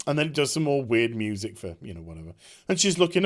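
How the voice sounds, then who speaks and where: Heated, high-pitched ranting man. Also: sing-song, normal speed. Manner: heated, scornful, profane. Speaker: online commentator. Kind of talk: angry rant vlog.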